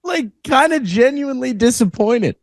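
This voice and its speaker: A man's voice: very high-pitched, moderate pace, dry recording, clean studio sound. A man co-hosting a comedy podcast, telling stories with lots of laughs. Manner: laughs often, animated storytelling. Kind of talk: casual chat.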